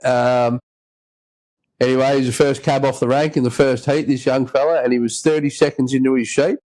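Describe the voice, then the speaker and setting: A man's voice: medium pitch, steady tone, normal speed, a little mellow. A man with an Australian accent hosting a podcast, telling a rambling story in a casual, chatty way and acting out the voices of the people in it. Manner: rambling yarn-spinner, acts out quoted voices. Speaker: podcast host.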